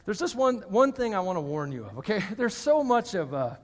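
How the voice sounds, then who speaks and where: A man's voice: sits high, sing-song, brisk. A male pastor giving a sermon in a church, chatty and joking with the congregation between points. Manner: conversational, joking asides to the congregation. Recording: hall reverb.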